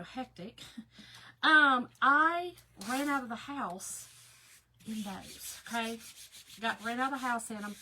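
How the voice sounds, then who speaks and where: A woman's voice: high voice, bright, forceful tone, slightly rough, rough recording. A middle-aged woman, chatting casually with viewers while hosting a craft livestream. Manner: chatty, talks to viewers by name. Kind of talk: casual chat.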